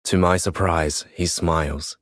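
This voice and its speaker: A man's voice: low-pitched, steady tone, a little slow, fairly bright tone, no room sound, studio quality. A man reading a first-person audiobook in a weary, reflective manner. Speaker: audiobook narrator.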